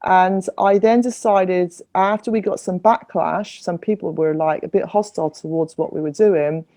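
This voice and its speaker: This podcast guest, a middle-aged woman who writes songs and advocates for refugees, has a fairly low, dark voice with fairly even intonation and a moderate pace. She shares her story earnestly in a conversational interview, frequently starting over.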